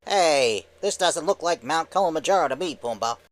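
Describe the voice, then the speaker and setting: A brash, fast-talking meerkat with a sly, jokey streak, as a man puts him on for a comic skit. He chatters on cheekily and fires off quips. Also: on the high side, lively intonation, natural voice. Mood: wisecracking. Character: wisecracking male meerkat, fast-talking schemer.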